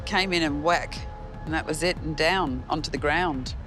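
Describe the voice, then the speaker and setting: A woman psychic, describing her impressions in halting, searching speech. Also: deep voice, music in the background.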